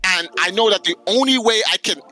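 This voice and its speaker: A man hosting a podcast, telling stories in an animated, slangy way with lots of swearing. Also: sits high, fairly quick. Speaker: podcast host. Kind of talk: casual podcast chat.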